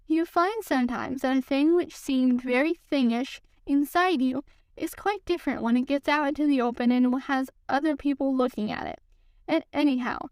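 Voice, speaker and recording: A woman reading a children's storybook aloud, gently giving the characters light voices. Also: high-pitched, no room sound. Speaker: podcast reader.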